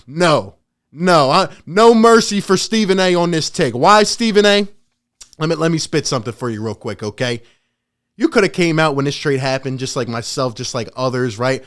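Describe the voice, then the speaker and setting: Man, sports host, emphatic rant, excitable, high voice. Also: moderate pace. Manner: emphatic, excitable, laughs often.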